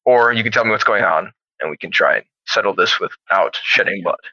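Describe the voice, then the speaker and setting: A man voicing a calm, stern male church inquisitor who speaks in a measured, cold way. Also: on the low side, no echo, muffled recording. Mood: cold threat.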